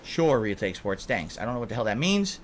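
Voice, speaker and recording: A man's voice: mid-range voice, sing-song, brisk, slight background noise. A middle-aged man hosting a casual reaction stream, who tells stories, laughs often and reads out viewer messages. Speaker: streamer host.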